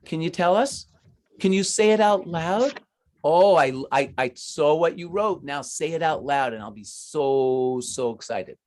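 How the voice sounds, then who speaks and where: A man's voice: on the high side, expressive, a little slow, darkish tone. A man teaching math to children, patient and encouraging as he explains each step. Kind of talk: online class teaching.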